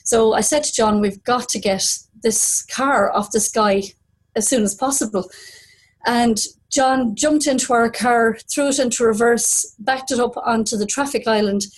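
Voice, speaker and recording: A woman's voice: fairly high pitch, poor audio. A middle-aged woman telling a true story at a live storytelling event, vivid and dramatic. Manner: vivid, dramatic retelling with acted quotes.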